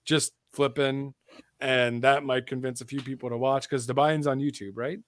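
A man's voice: medium pitch, level tone, normal speed. A young man hosting a casual wrestling chat show, rambling with lots of fillers in an upbeat way. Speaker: podcast host.

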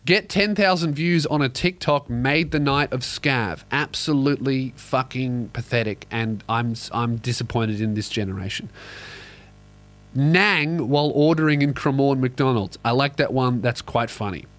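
A man's voice: mid-range voice, a little slow, a bit bright. A young Australian man hosting a podcast, ranting in a sarcastic, profane comedic style. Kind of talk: comedic rant.

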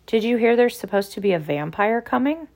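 A woman's voice: fairly high pitch, expressive, brisk, darkish tone, voice pushed up. A woman voicing a plain-spoken, blunt teenage boy wizard.

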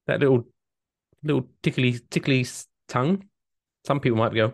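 A man's voice: medium pitch, moderate pace, vocal fry, long pauses, dry recording, studio quality. A man co-hosting a comedy podcast, swearing and joking in loose, profane banter. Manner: profane, joking, slips into silly put-on voices. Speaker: podcast co-host.

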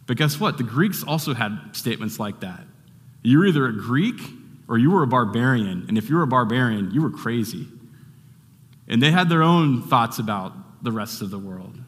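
A man's voice: medium pitch, a bit bright, in a large hall. A man giving a sermon as a pastor, talking in a loose, conversational way with restarts and fillers.

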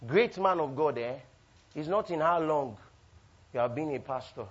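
Man, pastor, sermon, call-and-response, loud bursts and quiet asides, very animated pitch, dull lo-fi recording. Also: normal speed, breathy edge.

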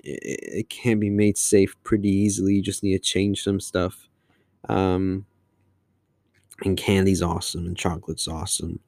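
A man's voice: deep voice, a little mellow, no room sound, clean studio sound. A man hosting his podcast alone, talking casually in a long-winded, rambling way. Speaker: podcast host. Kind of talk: casual solo monologue.

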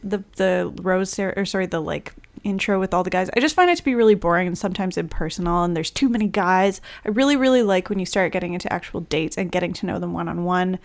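A young woman co-hosting a podcast, chatting casually and giggling through a reality show recap. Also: lowish voice. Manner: chatty, giggly, quick asides. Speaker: podcast co-host.

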